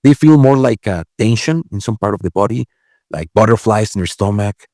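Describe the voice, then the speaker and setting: A man talking as an interview guest, acting out inner voices with big swings in pitch and often repeating and correcting his words. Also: lively intonation, a little fast, a little mellow, no echo, clean studio sound. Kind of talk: conversational interview.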